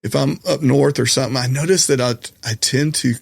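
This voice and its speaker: Gravelly Southern man telling stories. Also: medium pitch, brisk, no room sound, studio quality. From Colorado. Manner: rambling, self-deprecating, joking, many fillers. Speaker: podcast guest, comedian and musician. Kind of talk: casual storytelling chat.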